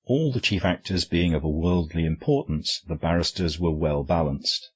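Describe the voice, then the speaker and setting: A man reads an audiobook in a steady, even storytelling manner. His voice sits deep and low, with a husky grain to it throughout. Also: moderate pace. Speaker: audiobook narrator. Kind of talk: scripted audiobook narration.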